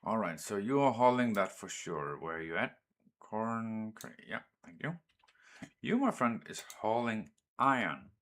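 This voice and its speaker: With a lowish, fairly bright voice that swings widely in pitch, a Danish gaming streamer slowly talks through laying out train routes. He chats casually, speaks to his trains, and swears or exclaims when something breaks. There's a little hiss or hum on the recording.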